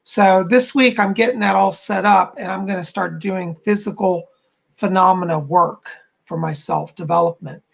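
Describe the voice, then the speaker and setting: A man's voice: high voice, normal speed, gravelly. A man hosting a psychic live stream, chatting casually and bubbling over as he greets viewers by name and reads their comments.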